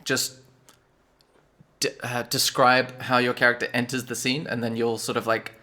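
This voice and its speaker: A man narrating as game master for a tabletop game, relaxed and loose, filling his recaps with "sort of" and "like". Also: mid-range voice, normal speed.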